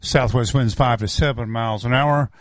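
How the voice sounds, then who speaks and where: A man reading the weather forecast on a radio show in a steady, measured way. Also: mid-range voice, no room sound.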